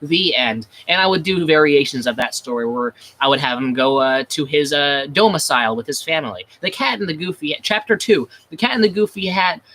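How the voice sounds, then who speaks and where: A man's voice: a little high, fairly quick, hardly any pauses, bright, forceful tone. A man chatting casually on a livestream, rambling with many restarts, crude and self-mocking. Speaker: livestream host.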